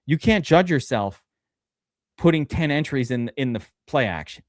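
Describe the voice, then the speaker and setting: A man's voice: mid-range voice, animated, normal speed, dry recording, clean studio sound. A man hosting a live fantasy football draft stream, chatting casually and rambling with restarts.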